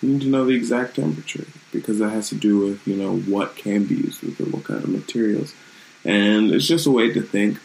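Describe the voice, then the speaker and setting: A man's voice: fairly low pitch, a little fast, creaky, darkish tone, rough recording. A man hosting his own channel, talking in a loose, rambling and reflective way in a casual live-streamed vlog from his room at home.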